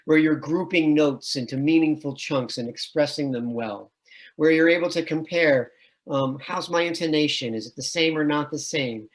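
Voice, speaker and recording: A middle-aged man gives an admissions webinar as a music education professor. His voice sits a little high for a man, and he explains patiently, breaking into sung and chanted syllables to demonstrate. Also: normal speed. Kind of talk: online admissions webinar presentation.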